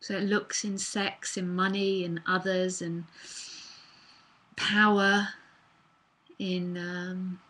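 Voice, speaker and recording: A woman's voice: on the low side, flat delivery, takes it slowly, pauses often, sharp tone, rough recording. A woman speaking as a spiritual teacher in a live online talk, earnest and casual, with fillers and the odd swear word, into a computer mic.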